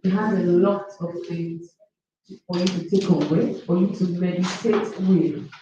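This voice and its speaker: A woman's voice: fairly low pitch, steady tone, moderate pace, far from the mic, noisy background. Woman talking to a room of students, kinda muffled and echoey. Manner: encouraging, repeats herself, addresses students directly. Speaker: workshop organizer.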